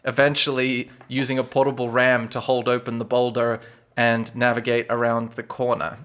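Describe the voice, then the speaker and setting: A man narrating as game master for a tabletop game, relaxed and loose, filling his recaps with "sort of" and "like". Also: medium pitch.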